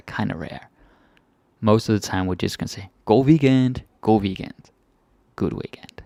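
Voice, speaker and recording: Danish guy teaching phrases, low gravelly voice, slow and unhurried, dry close sound. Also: darkish tone, dry recording. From Denmark. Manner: repeats phrases slowly, then explains casually. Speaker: language teacher. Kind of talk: casual language lesson.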